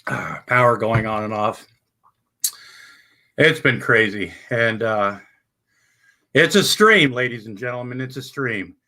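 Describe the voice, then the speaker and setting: Bright-voiced man rambling on a livestream. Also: on the low side, measured pace. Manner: rambling, loud bursts, swears casually, addresses "folks". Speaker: livestream host. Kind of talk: rambling livestream chat to viewers. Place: indoors at home.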